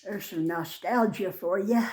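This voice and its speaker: An older woman chatting casually into her phone, rambling and calling to cats in a high sing-song. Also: a little mellow. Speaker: vlogger. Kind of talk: casual chat. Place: outdoors by a front door, then back indoors. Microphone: phone held in hand.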